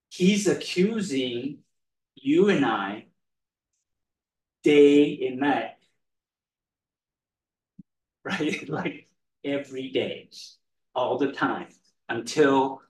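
A man's voice: on the high side, lively intonation, slow pace, long pauses. A man preaching a conversational sermon, laughing often and checking in with "right?" as he explains the passage. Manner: chatty, laughs often, keeps asking "right?". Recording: echoey room, mic far off.

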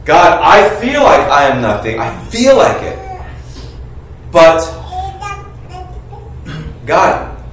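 A man preaching a sermon, calling on the congregation to finish his sentences and shout out answers. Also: fairly high pitch, slow pace, pauses often, a little hiss or hum. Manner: animated, coaxes the congregation to call out answers. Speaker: pastor. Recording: echoey room, heard from a distance.

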